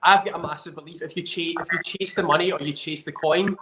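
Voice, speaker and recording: A man with a fairly high voice talks about his work in a casual interview. He sounds earnest and enthusiastic and often restarts his sentences. The room around him is echoey. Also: fairly even intonation, fast, noisy background. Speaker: fitness trainer, guest. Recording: roomy echo.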